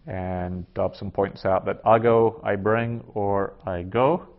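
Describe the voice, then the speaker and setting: A man teaching a class, working through a translation aloud in a halting way with many fillers. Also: fairly low pitch, steady tone. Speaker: Greek teacher. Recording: dull lo-fi classroom recording.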